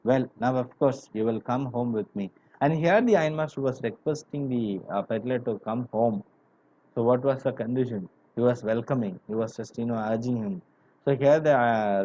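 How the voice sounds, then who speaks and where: Mellow-voiced male teacher explaining a story. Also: mid-range voice. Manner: explains word by word, many "you know" fillers. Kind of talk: classroom literature lesson. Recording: dull lo-fi recording.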